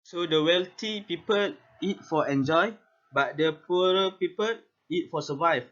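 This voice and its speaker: A man's voice: a little high, measured pace, a bit bright. A young man giving a class presentation over slides, reading steadily with hesitant restarts. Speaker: student presenter. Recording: muffled lo-fi recording.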